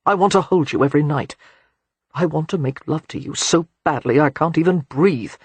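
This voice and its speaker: A man playing a brooding, war-scarred young gentleman who speaks in a quiet, measured, grave way, with a husky tone. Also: fairly high pitch, dry recording.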